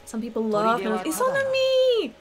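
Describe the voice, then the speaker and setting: Excitable woman streamer, high lively voice over game music. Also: normal speed. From Germany. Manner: excitable, gushing, reads game dialogue aloud. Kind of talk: live-streamed game commentary.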